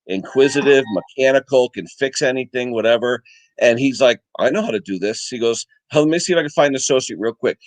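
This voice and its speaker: A man's voice: mid-range voice, no echo. A middle-aged man swaps stories on a live stream chat, and his voice leaps up and down as he acts out the people in them. The sound is dry and close, with no room around it. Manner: animated storyteller, acts out quotes. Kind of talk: casual chat.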